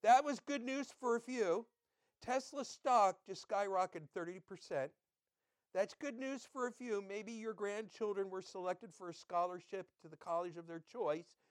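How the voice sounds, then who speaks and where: A man's voice: sits high, normal speed, no echo, studio quality. A man pastor giving a conversational sermon, quizzing his listeners and chatting with them between readings.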